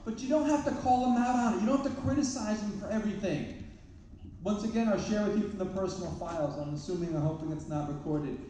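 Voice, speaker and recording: High-voiced and warm, this male therapist and parenting speaker talks fast as he tells self-deprecating stories at a funny live event. The large hall echoes, the mic is distant, and there's a little hiss or hum.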